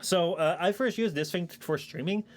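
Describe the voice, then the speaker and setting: At his home streaming desk, a young man speaks through a shotgun mic in a voice that sits high, at normal speed. His casual chat wanders, packed with fillers and offhand swearing.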